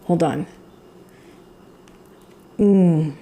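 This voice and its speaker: A woman giving a channeled tarot reading, talking in an emphatic, repetitive way with pauses and sighs. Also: on the low side, warm tone. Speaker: tarot reader.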